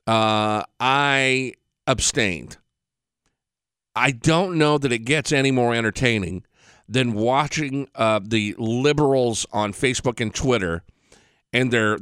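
A man's voice: mid-range voice, fairly bright tone, clean tone, no echo. Sarcastic man ranting, dry sound. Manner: sarcastic, mocking, gleeful; profane, rambling with restarts. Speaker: political commentary host. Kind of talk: opinionated monologue.

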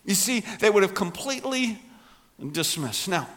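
A male pastor preaching a sermon in an animated, conversational way, acting out quoted lines. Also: high voice, moderate pace.

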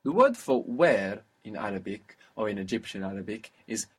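A man's voice: on the low side, expressive, normal speed, breathy edge. A man teaching a spoken language lesson, patiently prompting and praising his student.

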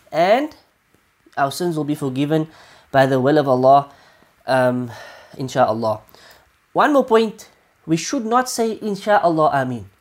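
A woman's voice: lowish voice, darkish tone. A woman teaching an Islamic study lesson, repeating her points with emphasis and often checking in with "right?". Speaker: religious teacher.

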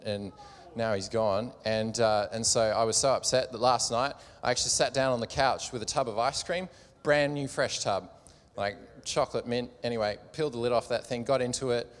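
A man's voice: mid-range voice, voice pushed down, lightly acted. A man voicing a glum adult friend who rambles through a list of small misfortunes, with a long reverb around the voice. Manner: rambling, sorry for himself.

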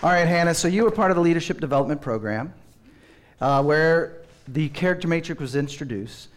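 A man's voice: fairly high pitch, expressive, a little fast, a little hiss or hum. A man preaching a sermon as pastor, telling stories with humor and acting out children's voices.

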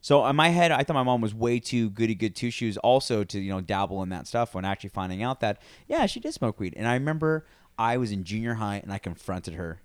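A man in his thirties with a smooth, resonant voice tells loose podcast stories and slips into the voices of the people he quotes. His delivery is casual and lively, with some swearing mixed in. It's recorded close on a dry mic. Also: lowish voice, brisk, dry recording. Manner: storytelling, acts out quotes with swearing. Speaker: podcast co-host.

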